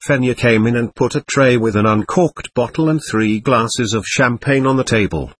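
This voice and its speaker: A man reading a novel aloud as an expressive audiobook narrator. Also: mid-range voice, moderate pace, breathy edge. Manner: expressive storytelling delivery. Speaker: audiobook reader. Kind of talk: scripted narration.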